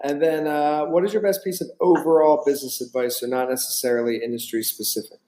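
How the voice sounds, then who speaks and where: A man's voice: fairly high pitch, steady tone, fast talker, warm tone, reverberant, poor audio. A man hosting a business podcast, welcoming his guest and asking set questions in an upbeat, casual way. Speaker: podcast host. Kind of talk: casual interview.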